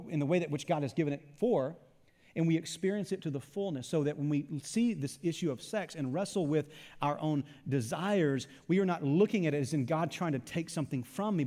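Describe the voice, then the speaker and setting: A man delivers a sermon with a high, lifted voice that bounces off a church sanctuary, its long reverb trailing behind each phrase. He preaches in an animated way, asking the congregation questions and acting out what they might say. His delivery keeps shifting between loud, eager stretches and softer, more earnest ones. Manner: animated, acts out imagined voices of the listeners. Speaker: pastor.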